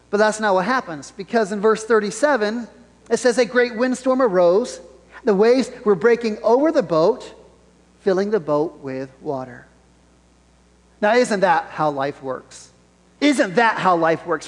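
A pastor preaching a Sunday sermon in an animated style, repeating his key phrases for emphasis. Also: high-pitched, normal speed, in a large hall.

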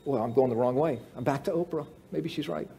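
A male pastor preaching a sermon, swinging between loud emphasis and hushed asides. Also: mid-range voice, fairly quick, creaky, slight background noise.

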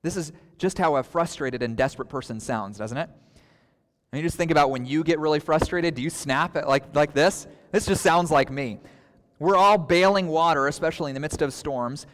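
Pastor, male, sermon delivery, slightly high voice, long hall reverb. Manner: earnest preaching with dramatic pauses and quoted outbursts.

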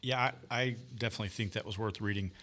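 A man in a casual Bible discussion podcast who keeps affirming the others with quick yeahs and rights. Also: on the low side, fairly even intonation, sharp tone, a little hiss or hum. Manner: agreeable, affirming, frequent yeahs.

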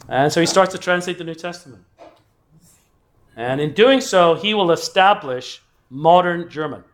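A middle-aged man from England lectures in a loose, rambling way. His voice sits fairly high, and he slips into acted-out quotes between chuckling asides. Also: normal speed, fairly bright tone. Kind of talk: casual lecture with anecdotes.

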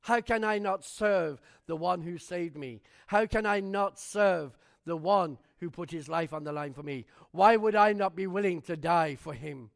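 A man with a notably high voice preaching a sermon. He tells his testimony as animated stories and presses the listeners with fervent rhetorical questions. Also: measured pace, gravelly, few pauses. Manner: animated storytelling.

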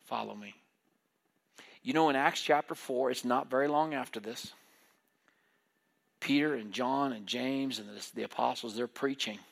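Animated preacher man acting out voices. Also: medium pitch, moderate pace, vocal fry. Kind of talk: sermon.

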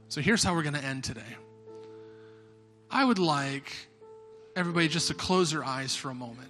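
A man preaching a sermon as a pastor in a church, impassioned, swinging between hushed pleading and shouting. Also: on the high side, normal speed, long pauses. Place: church sanctuary. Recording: reverberant hall with music behind.

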